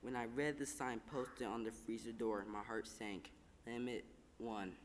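Man calmly narrating in an echoing room. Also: mid-range voice, a little hiss or hum. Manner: calm, measured storytelling with small slips. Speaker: reader. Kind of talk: scripted narration of a first-person story.

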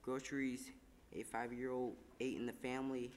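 A man reading a first-person story aloud in calm, measured narration, with a few small slips. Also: mid-range voice, in a large hall, a little hiss or hum. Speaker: reader.

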